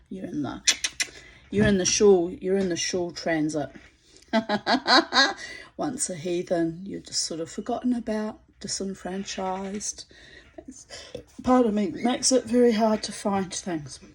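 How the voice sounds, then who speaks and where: A woman's voice: on the low side, darkish tone, breathy edge. A middle-aged woman talking casually to her phone camera at home, chatty and theatrical, rambling with fillers and playful asides. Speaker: vlogger. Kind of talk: casual spoken vlog.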